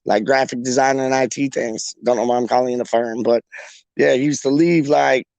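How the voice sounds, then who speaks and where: A man's voice: medium pitch, fairly even intonation, fairly quick, gravelly, a little mellow, dry recording. A young man, hosting a fan channel live stream in a rambling, jokey, slangy chat.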